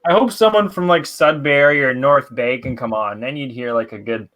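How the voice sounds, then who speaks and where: A man with a Canadian accent, co-hosting a casual betting podcast in a laid-back, excitable, profane way. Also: mid-range voice, moderate pace. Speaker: podcast co-host.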